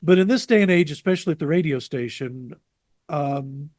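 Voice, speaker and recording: A man being interviewed over a video call, telling lively anecdotes and acting out the people he quotes. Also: a little high, normal speed, no room sound. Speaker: interview guest, jazz radio producer.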